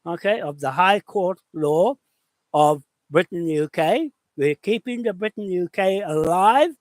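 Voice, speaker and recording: Angry declamatory man, high voice, dry. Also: dry recording, low-quality recording. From New Zealand. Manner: declamatory, listing names in short bursts, angry. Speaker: vlogger making a live video. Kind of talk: impassioned live monologue. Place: outdoors on his land.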